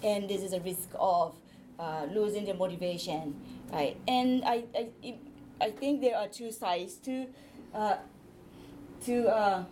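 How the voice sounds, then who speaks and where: A woman linguist giving an academic presentation, explaining her slides step by step with frequent pauses and hesitations. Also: mid-range voice, mellow, slight background noise, rough recording.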